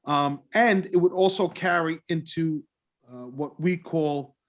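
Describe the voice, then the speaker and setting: An applicant speaking a little slowly pitches his restaurant design at a public meeting. He's eager and earnest, with lots of restarts along the way.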